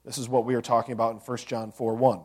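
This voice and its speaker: A man's voice: medium pitch, little pitch movement, fast, a little mellow. A man preaching a sermon as a pastor, conversational, with joking asides and rhetorical questions to the congregation.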